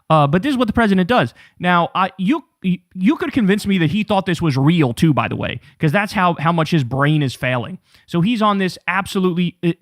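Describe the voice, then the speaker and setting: High-pitched man, mocking political rant, swearing, dry close sound. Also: no echo. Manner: mocking, animated, swears a lot, says bro. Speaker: political commentary host. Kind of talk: casual profane political commentary.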